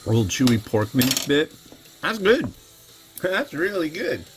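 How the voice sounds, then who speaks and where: This noodle reviewer's voice is a little high and sing-song, and he takes his time over the music. As host of an instant noodle channel, he cooks and tastes while chatting in a rambling, opinionated way, frequently starting over mid-thought.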